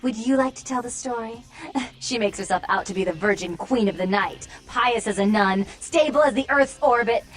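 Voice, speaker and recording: A woman's voice: on the high side, moderate pace, soft background music, close to an everyday voice. A woman voicing an unstable young vampire woman in a video game, with a theatrical, teasing and menacing delivery. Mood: quarrelsome.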